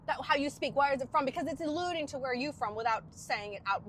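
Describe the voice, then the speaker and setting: Chatty woman, high voice, bit aussie, bit of everything accent, playful. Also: animated, fast, hardly any pauses, fairly bright tone, slight background noise. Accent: mixed, partly Australian. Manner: chatty, playful, self-mocking. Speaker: vlogger. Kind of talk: casual chat to camera.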